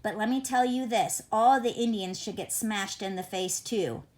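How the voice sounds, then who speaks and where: A woman's voice: mid-range voice, normal speed, darkish tone, lightly acted. A woman reading the lines of an earnest adult male schoolteacher in an audiobook, with an urgent, pleading manner. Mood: furious.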